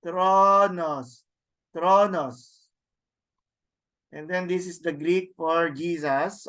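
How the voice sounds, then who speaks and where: A man with a Filipino accent lectures a class on Greek vocabulary. His voice sits high for a man, and he speaks slowly and haltingly, repeating words and tagging sentences with "no?". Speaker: Greek teacher.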